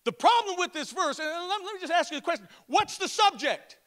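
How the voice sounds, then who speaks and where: Male pastor, sermon delivery: very high, bright, forceful voice; call-and-response, slow, stressed scripture reading. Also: expressive. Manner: emphatic call-and-response preaching; slows and stresses each word when reading scripture.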